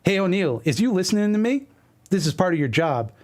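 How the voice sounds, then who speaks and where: A man's voice: high-pitched, very animated, brisk, voice pushed up. A man voicing a pushy male boss who talks in broken grammar. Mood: bossy. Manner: bossy, talks loudly.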